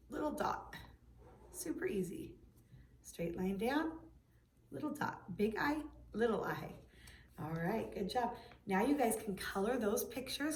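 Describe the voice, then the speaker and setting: A woman's voice: on the high side, a little hiss or hum. A woman teaching a preschool video lesson, patiently sounding out words for young children. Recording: echoey room.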